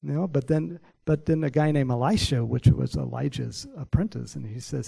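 A man preaching a sermon, acting out a Bible story with voices for the characters and chuckling often, then praying softly, at times in a whisper. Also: mid-range voice, steady tone, moderate pace, gravelly, hardly any pauses, slightly rough, dry recording, poor audio. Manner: prays softly, sometimes in a whisper. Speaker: pastor.

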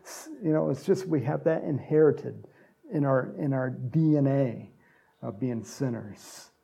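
A man's voice: medium pitch, unhurried, gravelly, dark tone, husky. A man preaching a conversational sermon as a pastor, acting out Bible characters in little voices.

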